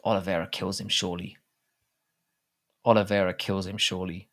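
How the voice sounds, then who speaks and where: A man's voice: deep voice, little pitch movement, fairly quick. A man hosting a casual live stream, talking in a rambling, jokey and crude way with many restarts. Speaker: livestream host. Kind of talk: casual live-stream chat about fight betting.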